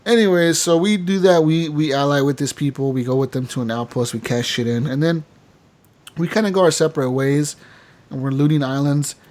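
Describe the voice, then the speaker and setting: A man hosting a casual gaming podcast, telling a story with animated energy and frequent swearing. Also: on the high side, brisk. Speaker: podcast host.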